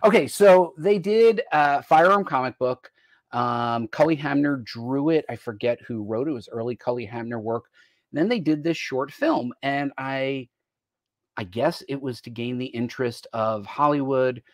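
With no room sound and studio-quality audio, a medium-pitched American man hosts a casual live-stream chat at a moderate pace. His talk rambles, switching topics mid-sentence.

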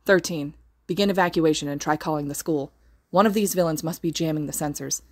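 A woman's voice: sits low, a little fast, a little mellow. A woman voicing a stern male teacher giving curt, commanding orders in a podfic reading.

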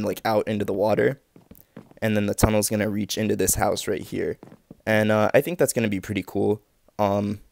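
A young man with a lowish voice talks loosely over his gameplay, full of ums and likes as he explains his plans. The sound is close and dry, with no room around it. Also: creaky, a little mellow, no echo. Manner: rambling, filler-heavy, with many likes and ums. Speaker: gaming video creator.

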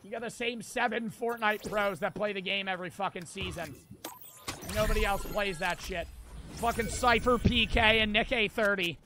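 A man streaming gameplay in casual commentary, brash and profane, answering chat with quick irritation. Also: high voice, pushed and bright, slight background noise. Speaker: streamer playing a battle royale game.

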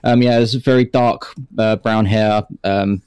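A man's voice: on the low side, steady tone, a little slow, a little mellow, clean tone, no echo, clean studio sound. A young man who plays in a tabletop game and describes his character in a rambling way, full of ums and likes. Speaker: player.

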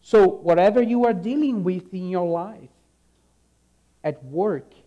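A man delivering a sermon at a slow, deliberate pace. His tone is warm and mellow, and he is earnest and emphatic, often repeating a key phrase and trailing off softly at the ends of lines. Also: high-pitched, dull audio. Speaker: preacher.

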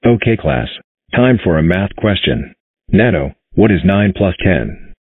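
A man's voice: low voice, sing-song, a little slow, breathy edge, no room sound, full character voice. A male computer voice playing a stern, mocking math teacher in a cartoon, with a tinny phone-like sound. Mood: scolding. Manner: mocking, scolding.

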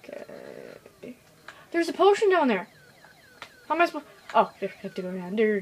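A young woman chatting casually while she plays a video game, excitable and rambling, switching between loud outbursts and quiet mumbling. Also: medium pitch, normal speed, vocal fry, pauses often, a little hiss or hum, low-quality recording. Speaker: gaming video host. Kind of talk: casual gameplay commentary.

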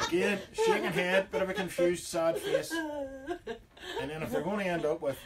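A man's voice: sits high, huge pitch swings, moderate pace, creaky, over a noisy crowd. A man with a Northern Irish accent hosting a comic radio chat, acting out everyday phrases in jokey voices. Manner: jokey, acts out overheard phrases. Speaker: radio host.

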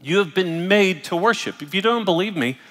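A middle-aged male pastor delivers a sermon in a large church auditorium, his voice strained with pain and interrupted by coughing and throat-clearing. His pitch is slightly high for a man, and he talks animatedly and a bit fast, shifting between soft, intimate phrases and loud, emphatic bursts. Each line is followed by a long hall reverb.

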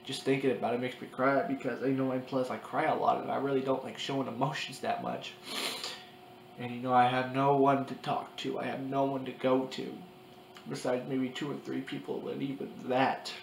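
A young man in his early twenties talking to his camera in a confessional vlog, crying, halting and repeating himself. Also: mid-range voice, little pitch movement, gravelly. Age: 20s. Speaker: vlogger. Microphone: camera mic. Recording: echoey room with faint background noise.

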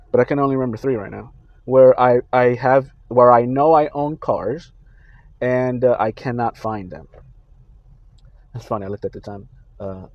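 A man on a Christian video channel recounting his dreams in a casual, halting way, with many fillers and restarts. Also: medium pitch, no echo, muffled recording.

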